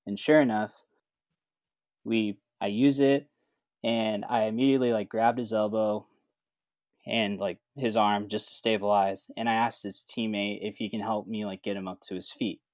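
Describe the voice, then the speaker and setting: A man's voice: lowish voice, moderate pace, no echo. A man, a certified athletic trainer, telling a story in a casual way, full of fillers, and acting out the dialogue. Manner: relaxed, acts out quoted dialogue with lots of fillers.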